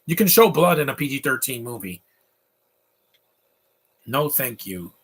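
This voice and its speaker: A man's voice: mid-range voice, big pitch swings, measured pace, slightly rough. A man giving casual, rambling live commentary over a movie, opinionated and full of asides and fillers. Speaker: film commentator.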